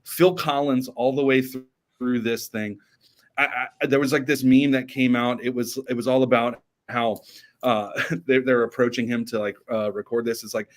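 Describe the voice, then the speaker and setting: A man's voice: mid-range voice, steady tone, moderate pace. A young man and girl dad chatting enthusiastically on a podcast, now and then breaking into bits of song. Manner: enthusiastic, sings snatches of songs. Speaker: podcast co-host. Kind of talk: casual podcast chat.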